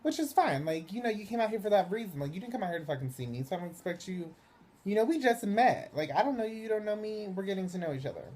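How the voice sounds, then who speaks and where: A young woman vlogger telling a dating story casually to camera, chatty and profane, full of filler words, getting animated when excited. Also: quick pace, husky. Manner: animated, swings high and loud when excited.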